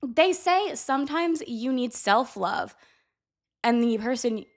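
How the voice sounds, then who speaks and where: Blunt young woman, higher voice. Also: lively intonation, slow pace. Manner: candid, blunt, swears casually. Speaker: vlogger. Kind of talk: casual advice chat to camera.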